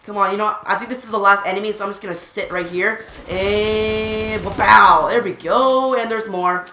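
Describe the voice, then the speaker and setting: A woman hosting a gaming channel, giving live gameplay commentary in an excitable way, repeating urgent exclamations and often stammering. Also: mid-range voice, moderate pace, reverberant, slight background noise.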